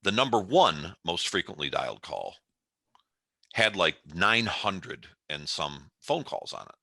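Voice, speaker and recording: A man in his fifties tells a story as a guest on an interview podcast, acting out each step. His low voice is forceful and swings widely in pitch. The recording is close and dry. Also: measured pace, vocal fry, no room sound. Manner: animated storyteller who acts out the scene. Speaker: guest CEO.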